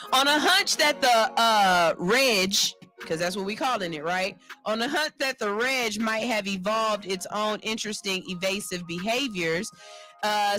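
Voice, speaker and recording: A woman hosting a morning radio show, reading a news story aloud and riffing on it with animated jokes. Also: on the high side. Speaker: radio host. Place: radio studio.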